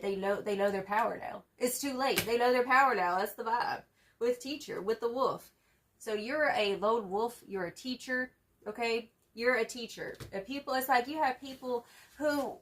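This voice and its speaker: A young woman with a fairly high voice gives a loose, chatty tarot reading. She swears freely, leans on fillers and hypes the listener up with pet phrases. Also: a bit bright. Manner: slangy, profane and emphatic, full of fillers; hypes the viewer up with repeated catchphrases. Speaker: tarot reader. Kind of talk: casual tarot reading to camera.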